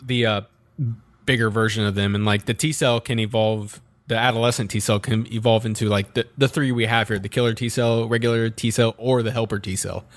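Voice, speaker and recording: A young man co-hosting a podcast, chatting about anime in an easygoing way, with halting "uh" fillers. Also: fairly low pitch, fairly even intonation. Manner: easygoing, laughs along, hesitant fillers. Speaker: podcast co-host. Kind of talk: casual chat about anime.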